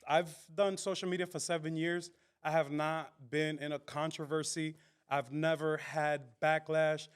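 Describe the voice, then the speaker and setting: A man's voice: fairly high pitch, level tone, unhurried, clear, resonant tone. A Spanish-speaking man from the Dominican Republic with a Dominican accent, a comedian talking animatedly in a casual podcast interview, switching between English and Spanish. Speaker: comedian guest.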